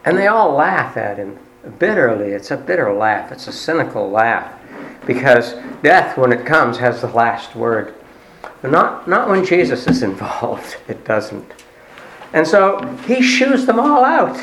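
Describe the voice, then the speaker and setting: A man delivering a sermon, retelling a story in a conversational way with pauses and fillers. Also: medium pitch, fairly bright tone, a little hiss or hum. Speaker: preacher. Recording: roomy echo.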